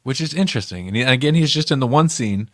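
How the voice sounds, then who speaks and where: A man's voice: mid-range voice, expressive, fast, dry recording, studio quality. A man co-hosting a podcast, chatting casually about a film, rambling and correcting himself as he goes. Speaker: podcast co-host. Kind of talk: casual movie review chat.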